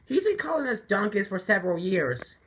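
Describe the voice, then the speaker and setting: A man voicing a weary male engine who speaks softly and sounds downcast, over background music. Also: high-pitched, sing-song, a little fast, noisy background, voice pushed up. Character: weary male engine, tired of being teased.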